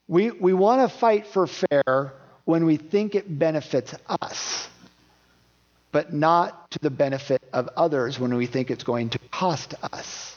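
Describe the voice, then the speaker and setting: Man, pastor, sermon, conversational, questions to the congregation, slightly high voice, dull lo-fi sound. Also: a little slow, darkish tone, long reverb tail. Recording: dull lo-fi recording.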